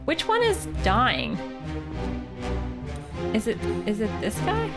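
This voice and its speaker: A woman's voice: fairly high pitch, huge pitch swings, slow. A woman from Canada streaming a game live, thinking aloud in a playful way. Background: game music.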